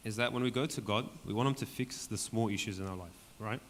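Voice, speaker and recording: Hoarse man leading a church Bible study. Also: lowish voice, quick pace, few pauses, a bit bright. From Australia. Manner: conversational, keeps asking "right?". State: voice going hoarse, clearing throat. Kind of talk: Bible study teaching to a group. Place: church hall with a group. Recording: long hall reverb, faint background noise.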